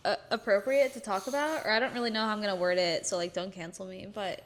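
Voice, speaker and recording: A young woman co-hosting a podcast, telling stories in a casual, animated way and acting out what people said. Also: medium pitch, fast talker. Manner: animated storytelling, acts out quotes, laughs often. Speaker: podcast co-host. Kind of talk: casual chat.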